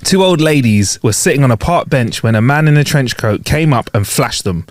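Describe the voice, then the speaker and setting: A man's voice: mid-range voice, lively intonation, moderate pace, noisy background. A man co-hosting a podcast, telling jokes casually, laughing often and correcting himself. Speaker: podcast co-host.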